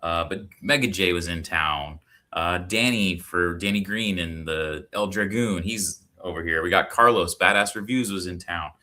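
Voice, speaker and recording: Low-voiced man chatting casually. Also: normal speed. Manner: relaxed, laughs often, many fillers. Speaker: co-host. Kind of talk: casual livestream chat.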